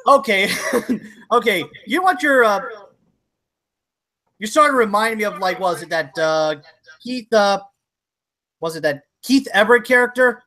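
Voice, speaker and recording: A man's voice: high-pitched, lively intonation, a little slow, pauses often, pushed and bright. A man hosting a casual online chat show. He rambles between jokes and breaks into giggles. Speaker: host.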